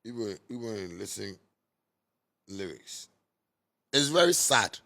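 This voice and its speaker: A man with a Ghanaian Pidgin English accent delivering a heated, scolding monologue that repeats and mocks, bursting into sudden loud outbursts. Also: fairly low pitch, very animated, moderate pace, creaky, long pauses. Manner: repetitive and mocking. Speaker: musician. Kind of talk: ranting monologue.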